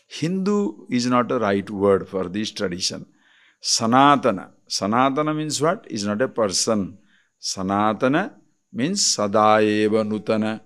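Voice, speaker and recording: Speaking with an Indian accent, a swami delivers a deliberate spiritual talk on scripture and keeps checking in with listeners through rhetorical questions. His voice is medium in pitch.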